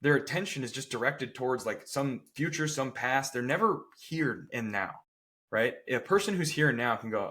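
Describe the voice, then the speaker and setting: A man's voice: medium pitch, lively intonation, normal speed, sharp tone. A man who works as a strength coach, talking casually on a podcast, emphatic and often checking in with "right?". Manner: acts out people's quotes with playful voices.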